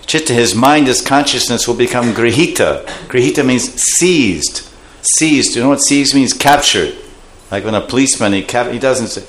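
A man's voice: medium pitch, moderate pace, slight background noise. A man giving a scripture class, explaining terms and acting out voices. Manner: animated, acts out voices while explaining terms. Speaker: scripture teacher.

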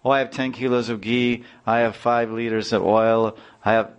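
A man voicing a brahmin scholar who exclaims in disbelief with a high, strained voice. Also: little pitch movement, moderate pace, clear, resonant tone, highs cut off, lightly acted. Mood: astonished. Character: astonished brahmin scholar husband.

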